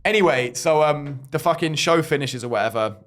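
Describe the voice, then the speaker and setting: A man's voice: fairly high pitch, brisk, a bit bright. A man, a podcast co-host telling a rambling, swearing story in casual chat. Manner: rambling, swearing, acts out quoted dialogue.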